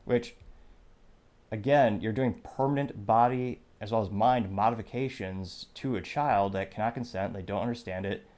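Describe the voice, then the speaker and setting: A man's voice: on the low side, moderate pace, darkish tone. A man hosting a podcast, delivering opinionated news commentary with sarcastic, wry asides. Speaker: podcast host.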